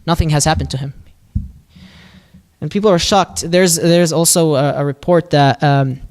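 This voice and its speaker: A man telling a prophet's story at a mosque in a lively, casual way, acting out the quoted lines and using Arabic phrases. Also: a little high, moderate pace. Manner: casual, with fillers and restarts. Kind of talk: religious storytelling talk.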